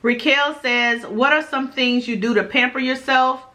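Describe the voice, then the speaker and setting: Bright-voiced chatty Florida woman. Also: high voice, fairly even intonation, a little slow. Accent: South Florida. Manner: chatty, laughs often, says "y'all". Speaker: mukbang YouTuber answering viewer questions. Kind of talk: casual chat to viewers.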